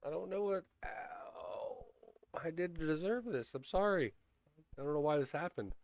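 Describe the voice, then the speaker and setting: A man's voice: a little high, normal speed, darkish tone. A man playing a tabletop game in character, joking and rambling, often laughing. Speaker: player. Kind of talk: casual in-character role-play.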